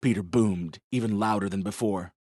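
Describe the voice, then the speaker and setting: A man narrating an audiobook in a measured, dramatic storytelling manner. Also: lowish voice, mellow, dry recording, studio quality. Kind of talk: scripted narration.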